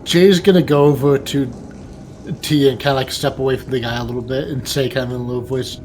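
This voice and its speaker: A man playing a tabletop role-play, talking in an easygoing, halting way. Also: mid-range voice, steady tone, a little mellow, a little hiss or hum. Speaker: player.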